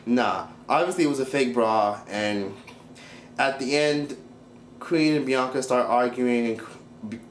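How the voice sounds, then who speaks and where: A young man casually reviewing a reality show, blunt and profane, talking in an animated way. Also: medium pitch, a little slow, reverberant, a little hiss or hum. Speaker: YouTube commentator.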